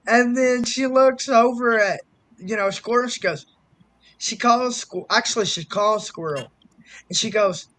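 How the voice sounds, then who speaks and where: A man chatting casually on a live stream, telling animated stories and swearing freely. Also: extremely high pitch, a little slow, no room sound. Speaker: guest storyteller.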